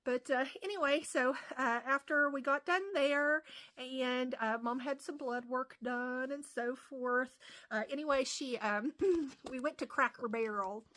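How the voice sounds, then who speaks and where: A woman's voice: high-pitched, a little slow, fairly bright tone. A woman from West Virginia with an Appalachian accent, telling a casual story full of fillers and restarts. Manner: rambling, many fillers and restarts. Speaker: comedian vlogger.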